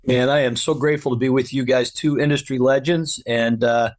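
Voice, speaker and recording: A middle-aged man from the United States chats as a podcast guest. He sounds upbeat and grateful, with a middle-range voice, and tells family stories in a relaxed, easy way. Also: mid-range voice, fairly quick. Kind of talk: casual conversation.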